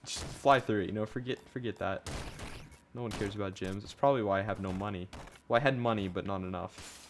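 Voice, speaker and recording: Young male gaming host, low voice, loose rambling joker; faint game sounds underneath. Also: fast talker, a little hiss or hum. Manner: joking, rambling with many likes. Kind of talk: casual gameplay chat.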